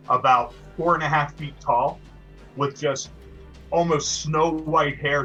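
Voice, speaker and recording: A man runs a tabletop game as game master, his voice bright and forward. He describes each scene with fillers and repeated phrases, restarting as he goes. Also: medium pitch, low-quality recording.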